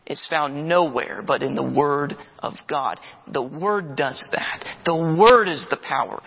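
A man preaching a sermon, emphatic and repetitive, telling vivid stories to make his point. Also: fairly high pitch. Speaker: pastor. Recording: dull sound with long reverb.

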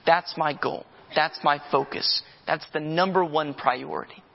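A man's voice: on the high side, fairly even intonation, measured pace, creaky. A man preaching a sermon, emphatic and repetitive, telling vivid stories to make his point. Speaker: pastor. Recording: dull sound with long reverb.

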